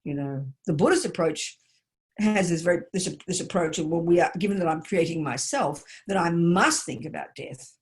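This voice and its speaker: A woman's voice: on the low side, normal speed. Emphatic woman Buddhist teacher. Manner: emphatic and direct, addressing listeners personally. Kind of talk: online teaching talk.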